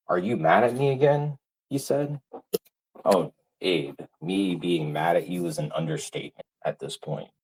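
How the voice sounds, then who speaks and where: Profane, furious low-voiced man. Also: darkish tone, slight background noise, low-quality recording. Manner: heated, profane, repetitive. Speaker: livestreamer. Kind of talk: angry livestream rant.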